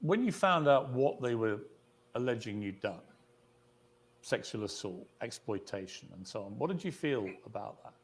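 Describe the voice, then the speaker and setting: A man's voice: mid-range voice, sing-song, moderate pace. Man pressing hard with interview questions. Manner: pressing, challenging.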